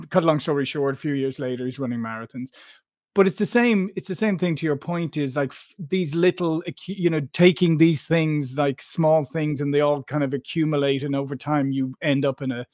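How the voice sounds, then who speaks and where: A man's voice: on the high side, a little fast, a little mellow, no echo, clean studio sound. A man from Ireland, hosting an interview podcast in a rambling, conversational way. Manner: rambling, with many fillers and restarts. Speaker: podcast host.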